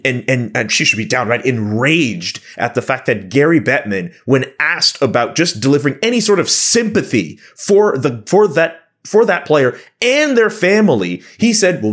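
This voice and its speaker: Fired-up man with a lively voice. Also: mid-range voice. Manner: impassioned, fired up. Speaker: panelist. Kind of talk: heated panel discussion.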